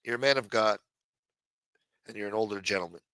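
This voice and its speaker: A man's voice: fairly low pitch, fairly quick, fairly bright tone, clear, resonant tone, dry recording, poor audio. A man on a livestream ranting angrily and scolding a viewer, with lots of profanity. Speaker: livestream co-host. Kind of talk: heated livestream rant.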